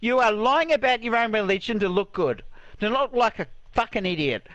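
A man's voice: sits high, lively intonation, moderate pace, a bit bright, no echo. A man ranting angrily and swearing heavily in game voice chat, repeating himself over a headset. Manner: angry, ranting, repetitive, heavy swearing. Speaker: online game player.

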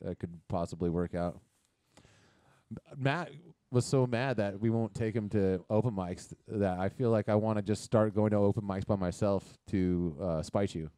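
A man's voice: lowish voice, normal speed, mellow, dry recording, studio quality. A man in his thirties on a podcast, telling a crude story in casual chat and acting out the other people in it. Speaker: podcast co-host.

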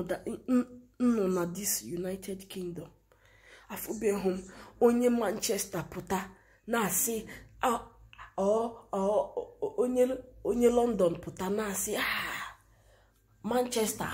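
Slow and somewhat dark-toned, a medium-pitched female commentator with a Nigerian Igbo accent laments earnestly in a monologue blending Igbo and English. She leans heavily on rhetorical questions.

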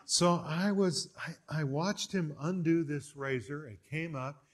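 A man preaching a sermon, telling stories with big swings in pitch and loudness. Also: a little slow. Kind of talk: sermon with storytelling.

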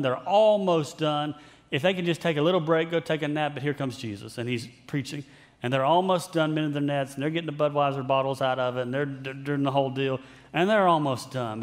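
A man preaching a sermon as pastor, telling the story conversationally, repeating phrases for emphasis and acting out the characters' lines. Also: mid-range voice. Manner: conversational storytelling with playful put-on voices.

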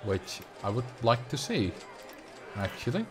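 This young streamer from the Netherlands has a Dutch accent and a mid-range voice with big pitch swings, speaking at a measured pace. He chats loosely during his livestream gameplay, rambling while reading out and answering his chat.

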